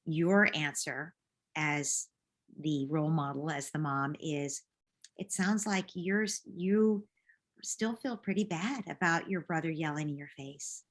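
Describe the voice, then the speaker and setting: A woman answering a parent's question as a parenting coach, gently modeling what to say to children. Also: deep voice. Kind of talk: advice in a live Q&A.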